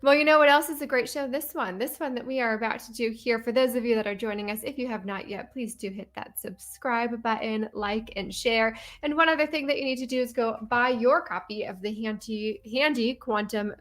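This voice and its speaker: An enthusiastic woman hosts a podcast in a relaxed, chatty style. Her voice sits a little high and she keeps things upbeat as she welcomes listeners. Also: fairly quick, hardly any pauses. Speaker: podcast host. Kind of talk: casual chat.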